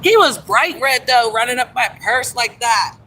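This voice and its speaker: A woman with a bright, forceful voice chats casually to her livestream audience through a phone mic. She talks in a loose, animated way and greets viewers as they come in. Her pitch sits in the middle for a woman, and faint ambient noise is heard behind her. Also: normal speed, poor audio. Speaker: livestream host.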